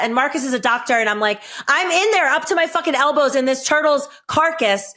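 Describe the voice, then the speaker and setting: High-voiced woman telling blunt, profane stories. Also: normal speed, hardly any pauses, pushed and bright. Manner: blunt, profane storytelling with frequent laughs. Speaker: podcast co-host, former reality show contestant. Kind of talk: casual podcast chat.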